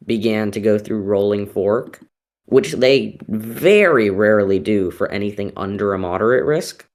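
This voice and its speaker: A man co-hosting live weather coverage, reporting storm news earnestly with frequent pauses. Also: on the low side. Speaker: weather co-host.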